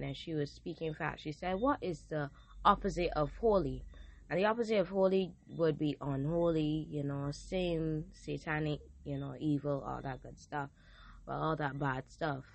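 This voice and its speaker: A woman hosting a devotional podcast, preaching fervently and reading scripture aloud as her voice starts to go. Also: sits low. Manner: fervent, builds to loud exclamations, reads scripture aloud. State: losing her voice. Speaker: podcast host giving a devotional. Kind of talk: informal preaching.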